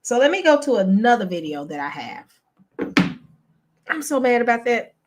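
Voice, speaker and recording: A woman's voice: a little high, sing-song, moderate pace, noisy background. A woman, hosting a casual chat for her viewers, exasperated and chatty, calling them y'all. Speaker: channel host.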